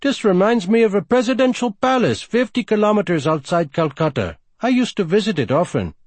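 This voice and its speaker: An eager older official with an Indian accent, pitched noticeably high and lively, as a male narrator puts him on. The voice has a husky grain and a dry sound. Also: fairly quick, dry recording.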